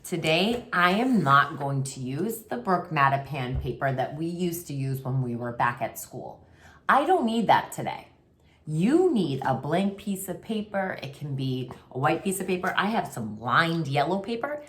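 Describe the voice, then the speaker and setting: A woman's voice: low-pitched, big pitch swings, a little slow, a bit bright. A woman teaching a remote kindergarten writing lesson, talking to young children in a patient, sing-song way.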